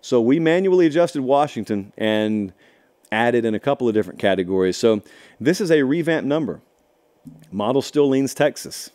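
A middle-aged man hosting a college football show, giving an animated, emphatic solo analysis with sarcastic asides. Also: medium pitch, moderate pace. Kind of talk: solo sports analysis talk.

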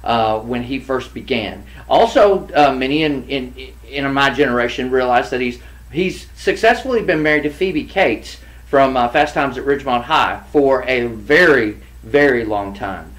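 A man's voice: medium pitch, lively intonation, moderate pace, a bit bright, low-quality recording. A middle-aged man co-hosting a casual chat about recasting films, hesitant, with many fillers and restarts. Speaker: podcast co-host.

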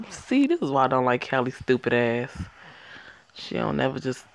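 A woman's voice: extremely low pitch, very animated, normal speed, vocal fry. A woman hosting her own story channel, giving sassy, profane and blunt reactions. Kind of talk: casual reaction commentary.

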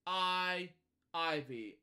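A man's voice: sits high, expressive, very slow, pushed and bright. A man casually reading a picture book aloud as a storytelling host, stumbling over words and wandering into rambling asides at home.

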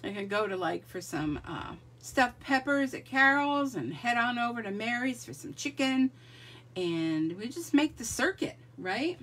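Chatty husky-voiced woman hosting a livestream. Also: a little high, unhurried, far from the mic. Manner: chatty, greets viewers by name, lively. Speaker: livestream crafting host. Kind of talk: casual live chat.

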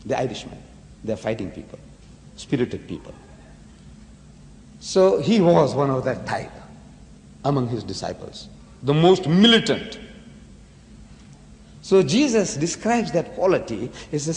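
A man's voice: a little high, big pitch swings, unhurried, pauses often. A man giving a dramatic religious lecture full of rhetorical questions. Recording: echoey hall.

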